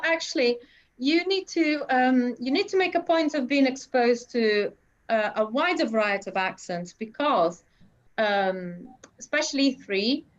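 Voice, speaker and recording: Woman teacher over dull call audio. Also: a little high. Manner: chatty, explanatory, many fillers. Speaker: English teacher. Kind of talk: online class teaching.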